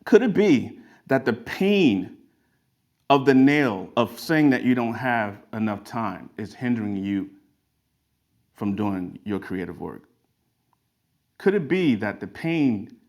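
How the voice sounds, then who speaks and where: A man telling folksy parable-like stories as a motivational talk, in a garage converted into a studio. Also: lowish voice. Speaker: creative studio owner. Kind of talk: motivational storytelling.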